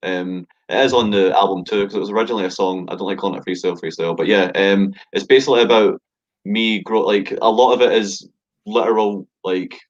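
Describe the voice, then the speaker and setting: A young Scottish man, a rapper, talking bluntly in a casual interview, swearing freely and leaning on fillers. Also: deep voice. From Scotland. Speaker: rapper guest. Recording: dull lo-fi sound.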